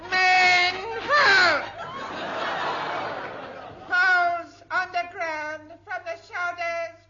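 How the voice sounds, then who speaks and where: A man doing a shrill pompous lady scout leader. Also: fairly even intonation, extremely slow, muffled recording, heavily acted. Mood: bossy. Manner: barked commands, pompous. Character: shrill bossy woman scout leader drilling troops. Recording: old radio comedy recording, noisy, live audience laughter.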